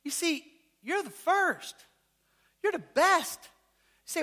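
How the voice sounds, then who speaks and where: A man preaching with a high, ringing voice that swoops up and down as he jokes and quizzes his congregation. His delivery is animated and playful, the sound of a pastor working the room in church. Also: slow. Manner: animated, joking, asks the congregation questions. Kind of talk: sermon.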